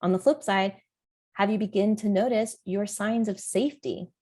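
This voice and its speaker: A woman's voice: mid-range voice, normal speed, darkish tone. A middle-aged woman hosting a parenting podcast, talking alone in an earnest, encouraging way. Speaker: parent coach and podcast host. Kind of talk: solo podcast talk.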